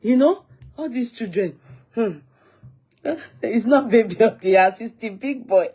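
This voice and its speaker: A woman's voice: on the high side, animated, measured pace, dark tone, husky. A young Nigerian woman with a Nigerian accent telling casual stories in a vlog, often laughing and mixing English with Yoruba. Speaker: vlogger. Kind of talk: casual storytelling.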